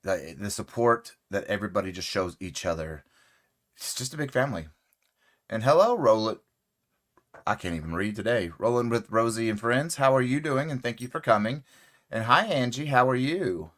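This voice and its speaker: A man hosting a casual crochet livestream, rambling relaxed and friendly with many fillers and greeting viewers by name. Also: mid-range voice, moderate pace.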